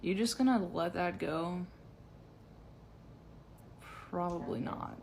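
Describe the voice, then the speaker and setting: A woman's voice: on the low side, slow, vocal fry, darkish tone, slight background noise. A woman who served as a Marine giving blunt, joking reaction commentary.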